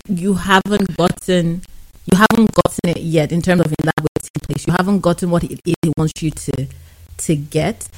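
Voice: mid-range voice, rough recording. A speaker in a casual faith discussion, talking earnestly and reflectively while searching for words.

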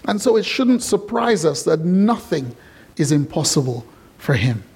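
A male pastor delivers a sermon in a high, bright-toned voice. He is animated and chatty, often breaking into asides and joking with the congregation. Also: a little slow, gravelly, breathy edge. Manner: animated, conversational, playful.

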